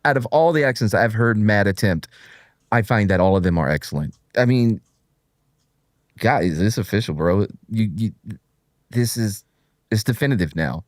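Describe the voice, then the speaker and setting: A man with a rather low voice co-hosts a livestreamed talk show in casual banter. He jokes a lot and gets sidetracked by the chat. His voice sounds dry and close to the mic. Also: animated, moderate pace, long pauses, no room sound. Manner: joking, easily distracted while reading chat. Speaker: co-host.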